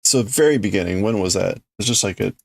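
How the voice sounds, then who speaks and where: A man casually chatting on a livestream, talking quickly and laughing easily. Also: fairly low pitch, vocal fry, slightly rough. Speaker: livestream host.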